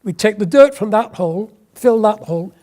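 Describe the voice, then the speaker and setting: High-voiced elderly man reminiscing. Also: animated, normal speed, darkish tone. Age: 80s. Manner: wry, anecdotal storytelling. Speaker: war veteran interviewee. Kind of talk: oral history interview.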